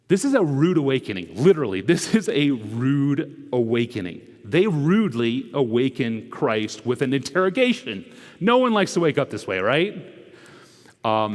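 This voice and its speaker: A male preacher with a mid-range, sing-song voice gives a conversational sermon in a church sanctuary. He tosses in rhetorical asides and swings between loud, quick bursts and hushed, slow lines, all in an echoey hall.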